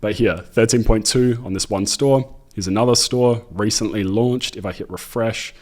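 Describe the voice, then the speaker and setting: A man's voice: on the low side, normal speed, a little mellow. An upbeat young Australian man with an Australian accent, talking casually to camera about running online businesses, with a jokey, self-deprecating manner. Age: 20s. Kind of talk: casual direct-to-camera talk.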